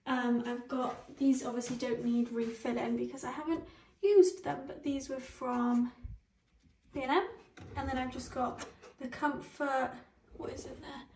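A young British woman with a high, light voice chats away to her phone camera in her twenties-style vlog manner, gushing and easily moved. She's recorded in a small tiled bathroom that rings with echo. The sound is handheld and close. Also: steady tone, measured pace, darkish tone, slight background noise. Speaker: vlogger. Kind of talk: casual chat to camera. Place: bathroom at home, indoors. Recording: echoey small tiled room.

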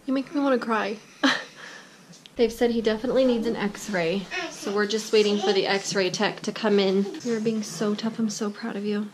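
A woman's voice: mid-range voice, fairly even intonation, moderate pace. A woman in her thirties vlogging casually as a mother, reassuring and chatty with her children. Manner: warm, reassuring with her kids. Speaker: vlogger mom. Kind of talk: casual vlog chat. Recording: noisy home video.

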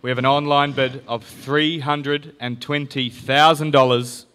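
Australian man, event host, mid pitch, upbeat announcing. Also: level tone, unhurried, fairly bright tone, smooth, in a large hall. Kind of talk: live event hosting.

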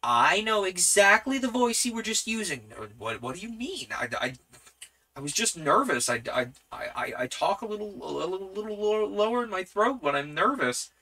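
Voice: mid-range voice, very animated, rapid-fire, hardly any pauses, voice pushed up, exaggerated voice, low-quality recording. A tabletop streamer voicing a nervous young man who hides a superhero identity, stammering and flustered. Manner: stammering, flustered, drops to a hush. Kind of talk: solo tabletop role-play storytelling.

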